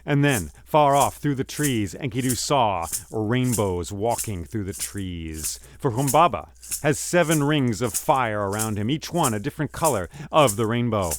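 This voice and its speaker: A male storyteller telling an ancient myth in a dramatic way, dropping to a hush and rising loud. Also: medium pitch, expressive, a little slow, few pauses, a little hiss or hum. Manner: dramatic, swings from hushed to loud.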